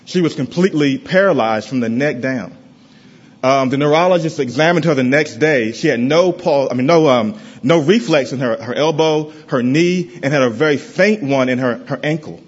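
Halting man giving a church testimony. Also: husky, muffled recording. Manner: halting, with many pauses and restarts, often dropping soft and low. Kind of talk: personal testimony to a congregation. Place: church in front of a congregation.

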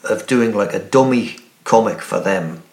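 A middle-aged man spins a long anecdote, breaking into laughter and starting over as he goes. His voice has a gravelly edge. The recording sounds roomy and echoey. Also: lowish voice, unhurried, a little mellow. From Newcastle, England. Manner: storytelling with frequent laughs and restarts. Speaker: podcast guest. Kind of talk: casual anecdote telling.

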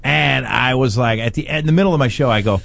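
A man's voice: mid-range voice, fast talker, vocal fry, no room sound. A man hosting a podcast, a comedian telling stories with acted-out voices and plenty of swearing in casual chat. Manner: animated storytelling, acts out voices, swears freely. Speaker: podcast host, stand-up comedian.

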